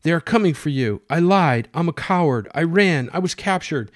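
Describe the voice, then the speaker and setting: A man's voice: unhurried, dry recording, clean studio sound, natural voice. A man voicing Juan, a guilt-ridden man who blurts out a frantic confession. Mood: panicked. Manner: frantic, pleading, high and loud. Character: Juan, a panicked man who betrayed friends.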